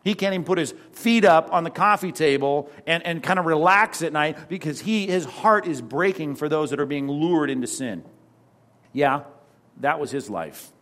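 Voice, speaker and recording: Male preacher, higher-pitched, conversational sermon delivery, dry wit. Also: normal speed. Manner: animated, conversational preaching with sarcastic asides. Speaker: pastor.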